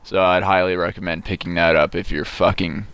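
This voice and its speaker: A man's voice: low voice, level tone, fairly quick, creaky, a bit bright, a little hiss or hum. A man giving sarcastic, mock-bragging gameplay commentary, profane and rambling. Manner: rambling with frequent restarts. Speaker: gamer commenting on his play.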